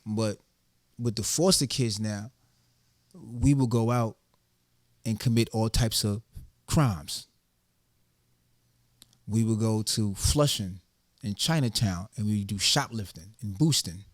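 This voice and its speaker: A man's voice: on the low side, slow pace, long pauses, no room sound, studio quality. A middle-aged man from Jamaica, an interview guest telling stories animatedly in street slang. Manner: street slang, repeats "you know what I'm saying". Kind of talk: animated storytelling.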